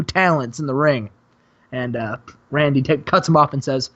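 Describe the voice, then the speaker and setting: A man's voice: normal speed, a bit bright, highs cut off. A man co-hosting a gaming show, telling a wrestling story and acting out the quotes in character. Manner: acts out characters with big pitch jumps. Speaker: co-host booking a wrestling sim. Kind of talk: animated storytelling with acted quotes.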